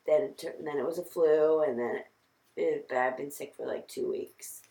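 A woman's voice: deep voice, normal speed, gravelly, dark tone, roomy sound. A woman in her thirties, a podcast co-host chatting casually in a rambling, self-deprecating way. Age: 30s. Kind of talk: casual chat.

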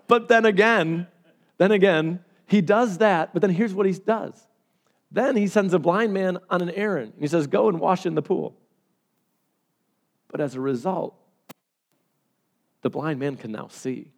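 A man preaching a sermon as pastor, telling stories with animated swings between loud and hushed delivery. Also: a little high, normal speed, long pauses.

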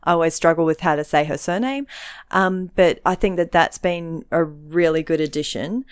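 A lower-pitched woman co-hosts a relaxed podcast chat, filling her sentences with frequent ums. Her voice is recorded dry and close, with no room sound. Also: normal speed, smooth, no echo. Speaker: podcast co-host. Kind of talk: casual chat.

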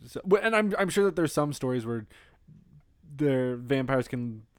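A male podcast co-host rambles in casual chat with plenty of fillers and restarts. His medium-pitched voice is smooth and expressive at a moderate pace, recorded with clean, dry studio sound.

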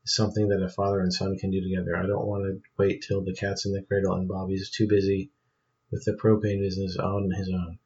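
A man's voice: low-pitched, monotone, fast talker, darkish tone, highs cut off. A man voicing a stern, plainspoken middle-aged father. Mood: earnest.

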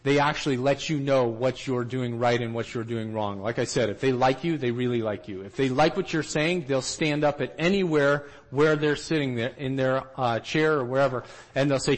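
A man giving a storytelling talk to trainees, animated, and he acts out the quotes himself. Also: mid-range voice, a little fast, few pauses, poor audio. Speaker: missionary trainer.

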